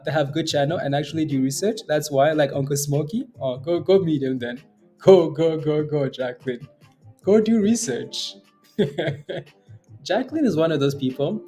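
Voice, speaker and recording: With a slightly high, warm voice, a man runs a day trading livestream in a relaxed, chatty way. He frequently jokes and laughs while going through comments from his viewers.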